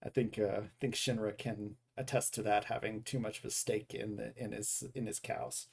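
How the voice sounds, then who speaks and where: A man's voice: lowish voice, flat delivery, normal speed, gravelly, a little mellow, husky. A man streaming a game, chatting casually and reading dad jokes, often correcting himself and chuckling at his own jokes. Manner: reads dad jokes aloud. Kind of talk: casual live stream chat.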